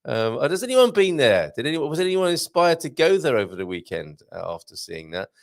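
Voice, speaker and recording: A man hosts a live chat and talks casually. His pitch sits in the middle, but it swings widely as he reacts to each comment. His voice has a gravelly edge, and the sound is dry and close. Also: very animated, fairly quick, dry recording. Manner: chatty, jokey, reads messages aloud with asides. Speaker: livestream host reading viewer comments.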